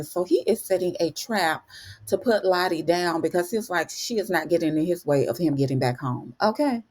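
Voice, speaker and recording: A chatty woman with a lowish voice recaps a TV episode in a casual, slangy way. She keeps calling the listener honey and acts out each character's lines with lively, animated swings in tone. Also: brisk. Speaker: TV recap host.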